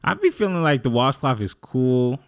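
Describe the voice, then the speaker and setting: A man's voice: mid-range voice, sing-song, moderate pace, clear, resonant tone. A man hosting a podcast, chatting loosely with a joking, laid-back manner and slang. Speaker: podcast host. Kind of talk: casual chat.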